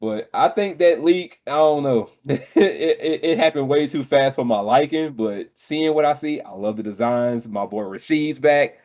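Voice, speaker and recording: Guy on a gaming podcast, excitable, animated, mid-pitched voice, casual chat. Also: a little slow, hardly any pauses. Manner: excitable, animated storytelling with laughs. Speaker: podcast co-host.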